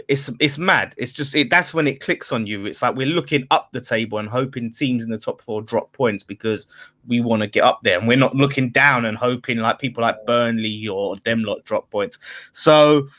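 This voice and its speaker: A young man, a guest chatting casually about football in a rambling, lively way. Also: medium pitch, moderate pace. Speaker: podcast guest, football fan. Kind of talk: casual chat.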